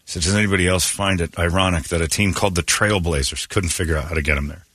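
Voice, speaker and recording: A man's voice: low-pitched, steady tone, fast talker, a bit bright, breathy edge, no echo. A male morning radio host riffing sarcastically in joking banter on a studio microphone.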